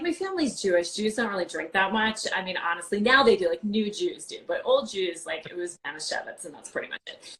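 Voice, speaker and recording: A woman in her forties from New York talks through a video-call interview in a chatty, animated way. She piles on quick asides and fillers, and her pitch stays in a middle range for a woman. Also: poor audio. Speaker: guest, wine podcast host. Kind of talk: casual interview chat.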